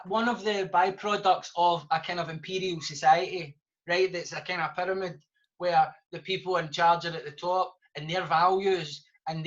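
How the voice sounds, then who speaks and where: A man's voice: high voice, fairly bright tone. A Scottish man, a guest author, talking fluently and passionately in a live podcast discussion. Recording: dull lo-fi sound.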